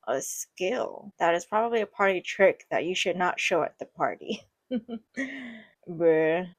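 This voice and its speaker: Giggly woman reacting to online posts. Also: medium pitch. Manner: chatty, giggly, quick reactions. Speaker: online story reader and commentator. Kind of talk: casual reading and reacting.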